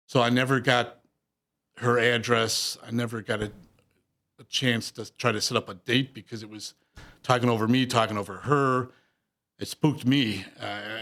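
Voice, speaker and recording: A man, a paranormal investigator, telling a spooky story in a casual radio interview, halting and full of restarts. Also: fairly low pitch, fairly bright tone. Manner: halting, many restarts and fillers. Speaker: paranormal investigator and police officer.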